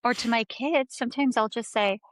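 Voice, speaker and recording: A woman counselor speaking gently and earnestly as a guest in a conversational interview. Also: fairly high pitch, fairly quick, no echo.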